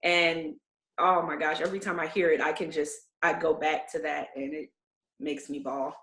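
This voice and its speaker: A woman chatting casually in a soft, heartfelt way. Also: low voice, level tone, moderate pace, reverberant, crowd noise. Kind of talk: casual chat.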